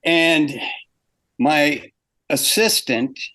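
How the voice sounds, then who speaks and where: A man's voice: fairly high pitch, very slow. An older man, a former animator, telling a story in an interview, acting out what people said and laughing as he goes. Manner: animated, acts out quotes, laughs often.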